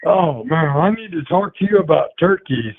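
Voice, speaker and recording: A male caller on a radio show, loud and insistent, repeating himself. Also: fairly high pitch, lively intonation, normal speed, a little hiss or hum. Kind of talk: call-in chat. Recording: tinny phone line.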